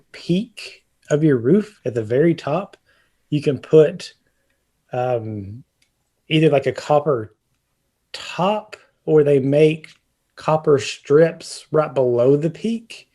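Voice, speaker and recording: This podcast co-host has a warm, mid-range male voice. On a relaxed home-repair show, he rambles through a casual roofing discussion, full of filler words and false starts.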